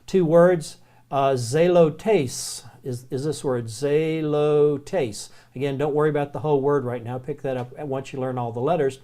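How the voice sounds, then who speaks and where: A man with a Southern American accent teaching the Greek alphabet in a relaxed, chatty way, slowly repeating each word. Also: mid-range voice. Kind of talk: recorded classroom lecture.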